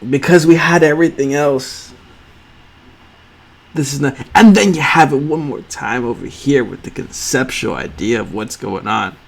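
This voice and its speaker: A man hosting a sneaker art channel, reacting to drawings on screen with gushing, theatrical awe that swings from loud to hushed. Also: mid-range voice, expressive, moderate pace, vocal fry.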